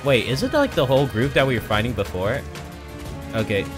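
This gaming streamer's mid-range voice swings widely in pitch, and he talks a little fast. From a home room with a TV, he rambles through casual commentary, running himself down and pleading with a game character, while game music plays under his desk mic on an arm.

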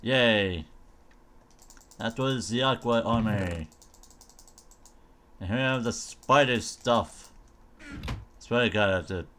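A man's voice: on the low side, takes it slowly, pauses often, fairly bright tone, slight background noise. A man casually commenting on a game mod as he tries it, thinking aloud and mumbling silly noises. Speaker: gamer showcasing a mod.

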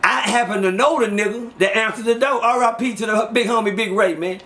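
A middle-aged man spins street tales in an interview. His voice sits high and bright, and he acts out every quote with lively energy. He breaks into laughter often as he talks. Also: a little fast. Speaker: interview guest. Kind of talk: casual street storytelling.

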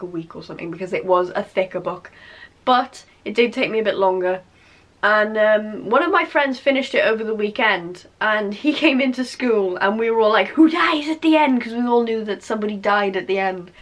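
A young woman vlogging, chatty and animated, with lots of fillers and repeated emphasis. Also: mid-range voice, a little fast. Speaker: YouTuber. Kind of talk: casual vlog chat.

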